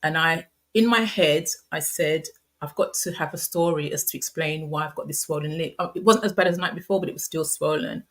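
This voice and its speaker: A middle-aged woman calmly recounting a painful personal experience, speaking softly with halting restarts and fillers. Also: low-pitched. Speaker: guest sharing a personal story. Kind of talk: candid personal storytelling.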